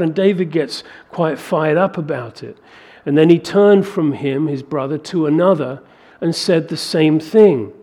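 Man, pastor, sermon, church, somewhat high voice, animated, acts out scripture. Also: normal speed, hardly any pauses. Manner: animated, acts out biblical dialogue in raised voice.

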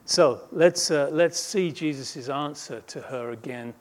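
A man's voice: fairly high pitch, measured pace. A man preaching a sermon as a pastor, earnest and emphatic, building intensity through repeated phrases.

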